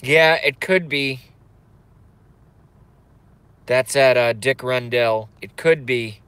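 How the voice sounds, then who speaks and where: Man ranting in a car, profane, exasperated, slow delivery, bright edgy tone, dry close sound. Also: medium pitch, smooth, dry recording. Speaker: host. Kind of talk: live rant. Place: in his car.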